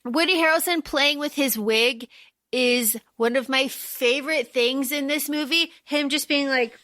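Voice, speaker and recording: A woman's voice: sits high, a little slow, no echo, clean studio sound. A young woman co-hosting a podcast, chatting casually and animatedly about a movie, acting out lines from it. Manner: animated, laughing, acts out quotes. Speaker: podcast co-host. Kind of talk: casual chat recapping a movie.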